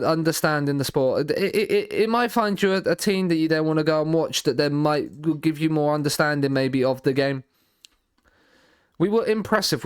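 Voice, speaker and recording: A man streaming a football management game, thinking out loud in a rambling way, often repeating and restarting his words, with dry sarcastic asides. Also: a little high, no echo. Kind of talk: live stream commentary while playing a football manager game.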